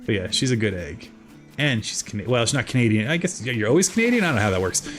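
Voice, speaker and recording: A man's voice: fast talker, faint music behind. A man in his thirties from South Jersey, with its accent, chatting casually while streaming a farming game and answering his chat in a rambling way. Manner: chatty, rambling, lively with sudden high jumps. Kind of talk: casual gameplay chat with chat readers.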